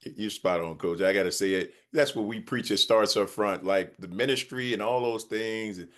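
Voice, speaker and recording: A man's voice: lowish voice, normal speed. A man hosting a podcast, praising and affirming his guest enthusiastically. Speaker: podcast host. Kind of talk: interview chat.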